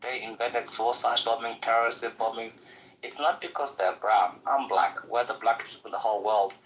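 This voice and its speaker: A man's voice: medium pitch, steady tone, normal speed, fairly bright tone, a little hiss or hum, low-quality recording. A man arguing bluntly and insistently as a debate panelist, swearing freely. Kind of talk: heated debate.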